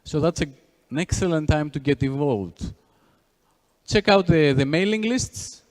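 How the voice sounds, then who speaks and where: A man's voice: fairly high pitch, expressive, a little slow. A man with a Greek accent giving a tech conference talk, with many "you know" fillers and restarts. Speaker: conference speaker. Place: conference hall. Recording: long hall reverb.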